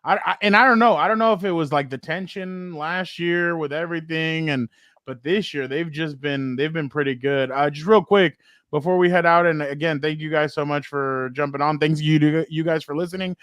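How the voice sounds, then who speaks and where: A man with a somewhat high voice, recorded dry and close. He hosts a laid-back sports podcast, chatting in a friendly way and reading out listener comments. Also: fairly even intonation, moderate pace, a bit bright, no room sound. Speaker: podcast host. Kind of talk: casual sports podcast chat.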